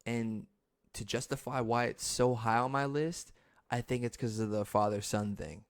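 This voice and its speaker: A man hosting his own podcast, chatting casually and excitably, laughing often and acting out quotes in high voices. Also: moderate pace, smooth. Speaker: podcast host. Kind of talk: casual solo podcast talk.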